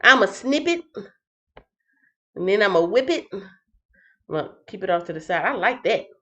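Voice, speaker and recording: A livestream host from Texas with a mid-range voice talks briskly while reading chat comments, sounding tired after a night shift. She stays animated and playful, with occasional sing-song bits.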